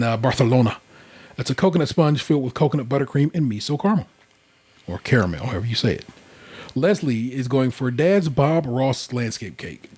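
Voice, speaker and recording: A man at an even, middle pitch talks his way through a casual podcast recap. He rambles, restarts his sentences and drops in plenty of fillers. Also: slightly rough. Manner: rambling, conversational, lots of fillers. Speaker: podcast host. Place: indoor room, recorded in person.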